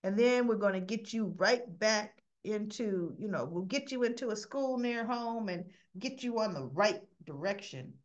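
A woman quoting a stern, controlling middle-aged father in a slow, cold, commanding voice, on a muffled recording. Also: medium pitch, lively intonation, lightly acted.

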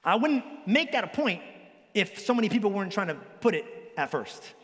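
Lively high-voiced male preacher in a hall. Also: moderate pace. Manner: lively, joking preacher with big swings in pitch. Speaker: pastor. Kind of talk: sermon. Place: church hall. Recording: long church hall reverb.

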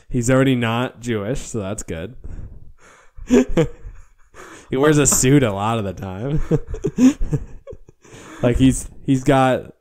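A man's voice: mid-range voice, huge pitch swings, drawn-out words, pauses often, a little mellow. A young man co-hosting a podcast in casual chat, wry and joking, laughing at his own lines. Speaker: podcast co-host.

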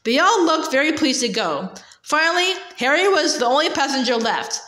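A woman with a high voice reads a storybook aloud, steady and expressive. The sound is roomy, with a clear echo around her. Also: moderate pace. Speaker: reader.

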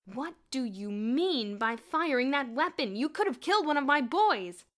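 A woman's voice: medium pitch, moderate pace, pushed and bright, natural voice. A woman voicing a stern, dignified male headmaster in an audiobook, formal and commanding. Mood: angry. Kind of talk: audiobook character voice.

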